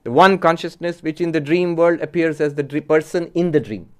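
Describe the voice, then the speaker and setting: A man giving a spiritual discourse as a Vedanta teacher, measured and explanatory, often posing rhetorical questions. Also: on the high side.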